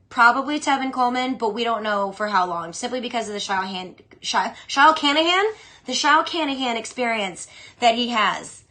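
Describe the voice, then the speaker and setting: Bright-voiced, chatty woman host. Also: medium pitch. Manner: chatty, opinionated, animated, with quick asides. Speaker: fantasy football podcast host. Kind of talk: casual solo chat answering listener questions.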